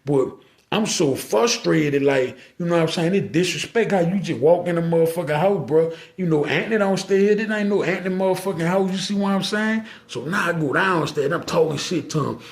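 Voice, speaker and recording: Male podcast storyteller with a New Orleans accent, gravelly, slightly high-pitched, casual and animated. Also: brisk. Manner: slangy, animated, acts out dialogue. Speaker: podcast guest telling a story.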